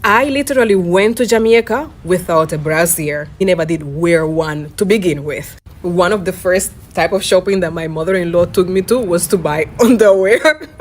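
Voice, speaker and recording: A woman tells stories in a relaxed, chatty way and slips Jamaican Patois into her English. Her voice sits a little low. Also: normal speed. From Cuba. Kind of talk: casual storytelling.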